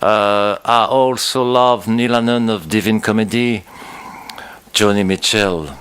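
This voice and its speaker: A man's voice: fairly low pitch, steady tone, unhurried, a bit bright, clear, resonant tone. A French man speaking English with a French accent, enthusiastically listing his musical favourites and sometimes searching for words. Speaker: musician guest. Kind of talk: recorded interview segment.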